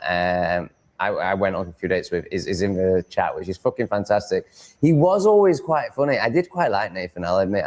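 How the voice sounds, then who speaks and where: A man in his thirties hosting a casual livestream, rambling with halting restarts and reacting to chat. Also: lowish voice. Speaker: livestream host reading chat.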